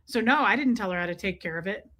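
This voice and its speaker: A woman's voice: mid-range voice, animated, fast, fairly bright tone. A woman chatting casually on a live stream, talking with viewers about her pets, swearing freely and sometimes putting on silly voices for her cats.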